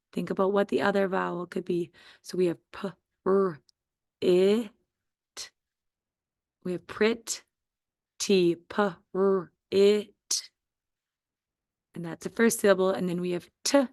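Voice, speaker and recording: A woman's voice: mid-range voice, creaky, dry recording, studio quality. A woman teaching a phonics spelling lesson to children, patiently sounding out letters and syllables one at a time.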